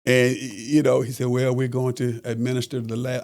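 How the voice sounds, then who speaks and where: A man's voice: mid-range voice, little pitch movement, brisk, darkish tone. A middle-aged man recounting a family story on a podcast in an earnest way, repeating phrases and using many fillers. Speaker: father of the guest.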